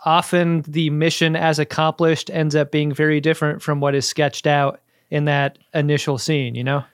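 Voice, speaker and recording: A man trading wry quips in a casual podcast chat about a show. His voice sits a little above the usual male pitch. The recording is dry and close-miked. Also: level tone, moderate pace, no room sound. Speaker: podcast co-host. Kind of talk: casual episode recap chat.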